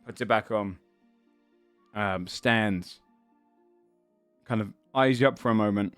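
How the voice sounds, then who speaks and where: A man running a tabletop game as game master, describing the scene in halting, filler-laden narration. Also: on the low side, fairly bright tone, clean tone, no room sound, faint music behind.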